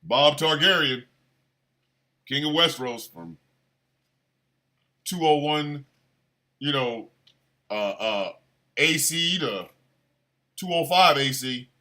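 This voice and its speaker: A man delivers a crude, playful comedic rant in a high, bright voice. He takes his time with the words, then breaks into exaggerated shouted bursts. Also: animated, slow pace, pauses often. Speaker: show host.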